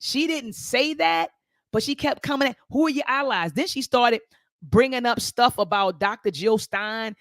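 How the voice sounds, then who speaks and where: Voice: mid-range voice, animated, a little slow, fairly bright tone, dry recording. An educator hosting casual commentary, talking in a rambling way, backtracking and speaking straight to viewers. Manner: conversational, rambling, loses the thread and backtracks; addresses viewers and commenters directly.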